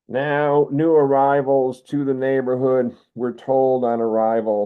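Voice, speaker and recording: A man's voice: medium pitch, steady tone, measured pace, hardly any pauses, smooth. Older man reading poetry over a thin line. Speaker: poet. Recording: narrow phone-like video call audio.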